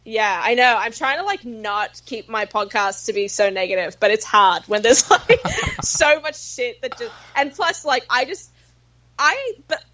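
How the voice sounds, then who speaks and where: A woman's voice: a little high, lively intonation, unhurried, pushed and bright. An Australian woman, a guest on a podcast, chatting casually and swearing freely, with lots of "like" fillers.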